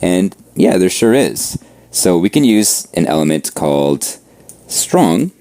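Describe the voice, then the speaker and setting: A man teaching a coding class over a screen share, explaining at a relaxed pace and checking in with "right?". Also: sits low, slow pace, dry recording. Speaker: coding instructor.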